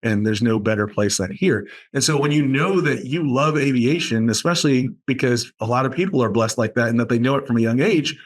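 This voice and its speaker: Man, from Boston, podcast guest, enthusiastic, animated storyteller, mid-pitched voice. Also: brisk, hardly any pauses. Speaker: aviation program director at a college. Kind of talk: podcast interview conversation.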